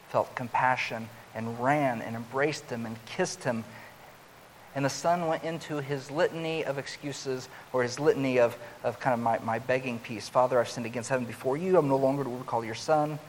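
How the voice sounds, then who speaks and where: A man preaching a sermon, growing louder and higher as he acts out the older son's complaint. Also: moderate pace. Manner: rises loud and high when acting out the older son's complaint. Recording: long hall reverb with faint hiss.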